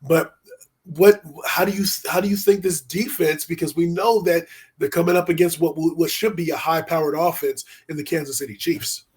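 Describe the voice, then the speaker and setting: A man co-hosting a casual sports podcast, talking through a team's lineup and reacting with quick interjections. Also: on the high side, fairly even intonation, husky. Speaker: podcast co-host.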